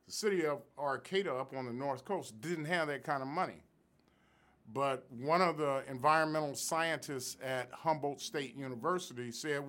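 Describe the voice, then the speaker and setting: A man's voice: medium pitch, moderate pace, a bit bright. Emphatic lecturing male professor. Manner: emphatic, lecturing, stresses key figures. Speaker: professor and guest expert. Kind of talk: explanatory interview answers. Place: Sacramento area.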